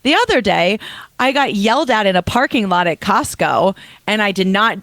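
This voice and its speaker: A young woman co-hosting a podcast, telling an animated story in casual chat and over-explaining as she goes. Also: medium pitch, moderate pace, no room sound. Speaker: podcast co-host.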